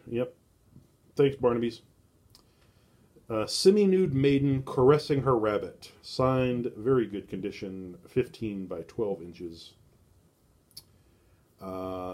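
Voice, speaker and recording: Male streamer, lowish voice, casual rambling monologue, filler-heavy. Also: mellow. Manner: rambling, thinking aloud with many fillers. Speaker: streamer browsing estate sale listings. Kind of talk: casual live-stream musing.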